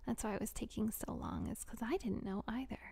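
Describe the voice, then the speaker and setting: A young adult woman hosting a casual live Q&A, giggly and rambling, often dropping into soft whispery asides. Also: a little high, huge pitch swings, fairly quick, vocal fry, husky. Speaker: audio creator hosting a live Q&A. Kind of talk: casual livestream chat.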